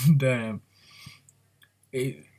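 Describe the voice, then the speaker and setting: A man's voice: medium pitch, flat delivery, drawn-out words, a little mellow, breathy edge. A man talking openly in a rambling, confessional way on his personal vlog. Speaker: vlogger. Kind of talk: candid personal vlog talk.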